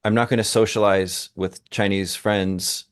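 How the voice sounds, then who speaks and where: A man's voice: fairly low pitch, steady tone, a little slow, clean tone. A man co-hosting a podcast, talking in an emphatic, engaged way and thinking aloud as he goes. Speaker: co-host, language teacher. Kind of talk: conversational podcast discussion.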